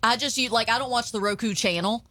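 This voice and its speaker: A woman's voice: fairly high pitch, fast talker, bright, forceful tone, no room sound. A woman co-hosting a morning radio show, chatting in a casual, easygoing way. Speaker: radio co-host.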